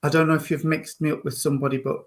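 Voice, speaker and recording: A man's voice: fairly high pitch, little pitch movement, rapid-fire. A man, a reverend and medium, hosting an online service with affectionate, chatty readings over a video call. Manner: affectionate, calls people darling and sweetheart.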